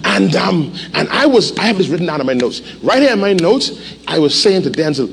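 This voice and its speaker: A male pastor preaching a sermon, animated, with call-and-response and sudden shouts, in a church. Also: high-pitched, a little fast, vocal fry, slight background noise. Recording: echoey hall, faint ambience.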